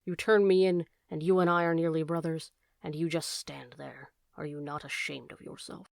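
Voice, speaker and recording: A hurt old fox, voiced low and soft by a woman reading aloud, his words coming out as quiet pleas and bitter, hissed insults. The recording is dry and close, with no room sound. He sounds worn out and cornered. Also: flat delivery, a little fast, clean tone, no echo, close to an everyday voice. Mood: bitter contempt. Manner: pleading, then snarling and hissing with contempt. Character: wounded old male fox, desperate then bitter.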